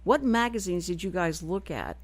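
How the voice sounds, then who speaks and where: A woman's voice: on the low side, sing-song, moderate pace, no echo. A woman with a Texas accent hosting a radio talk show, chatting in a rambling, self-deprecating way. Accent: Texan. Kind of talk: casual chat. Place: radio studio.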